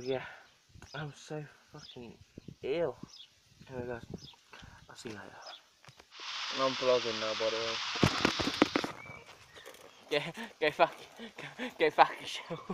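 A young man vlogging casually, swearing freely and laughing often as he gives an excited running commentary outdoors. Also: mid-range voice, noisy background. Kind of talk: casual profane vlog chatter. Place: outdoors behind a house.

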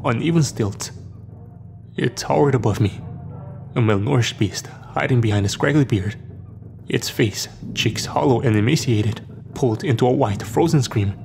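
A man narrating a scripted horror story in a steady, measured way. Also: mid-range voice, vocal fry, slight background noise.

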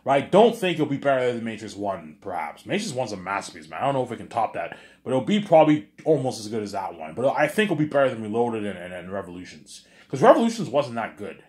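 Deep-voiced man rambling a long story. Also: quick pace, few pauses. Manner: rambling, repeats "he's like" and "you know what I'm saying"; swings into loud excited bursts. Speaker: streamer telling an imagined story. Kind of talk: rambling casual monologue.

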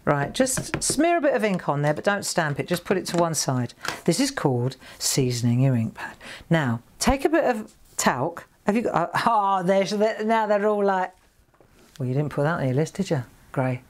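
A woman's voice: fairly low pitch, big pitch swings, normal speed. A woman hosting a live craft demonstration, chatty and jokey, talking straight to viewers as she works. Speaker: craft shop host demonstrating stamping.

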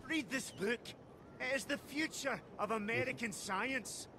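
A Scottish doomsday street prophet. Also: male voice, very high-pitched, a little slow, noisy background. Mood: urgent. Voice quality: solemn, declaiming. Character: fervent male street prophet warning of doom. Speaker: street preacher of science. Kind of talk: game voice acting.

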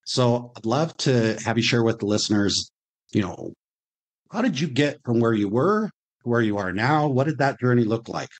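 A man's voice: mid-range voice, expressive, normal speed. A man hosting a travel podcast, reading a scripted intro and then chatting casually with restarts and fillers. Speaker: podcast host.

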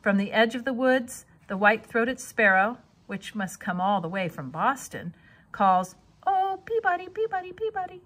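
A woman reading a children's novel aloud with expressive storytelling. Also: medium pitch, a little slow. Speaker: reader.

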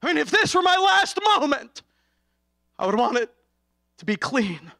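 A middle-aged man preaching an impassioned sermon, going from hushed to shouting. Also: extremely high pitch, very animated, moderate pace, vocal fry. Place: college chapel.

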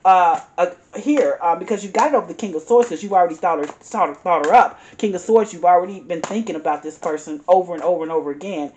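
A woman's voice: fairly low pitch, fast, few pauses, darkish tone, slight background noise. A woman giving an earnest, encouraging tarot reading, repeating herself and calling the listener honey. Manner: emphatic, repeats herself, says "honey" and "y'all". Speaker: tarot reader.

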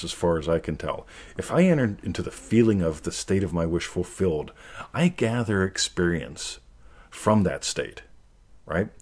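A man hosting a live question session, in a joking, animated manner, laughing often and acting out little voices. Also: low-pitched, slightly rough. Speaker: host. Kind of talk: casual chat answering questions.

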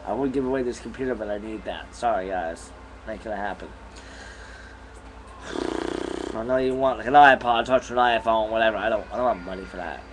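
Speaking briskly but pausing often in a lowish voice, a young man rambles through a laid-back vlog from his bedroom, chewing gum. His camera mic picks up background noise.

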